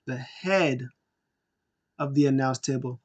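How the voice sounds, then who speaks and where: A man giving a casual, excitable recap of a wrestling show, acting out scenes in raised voices. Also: mid-range voice, takes it slowly, breathy edge.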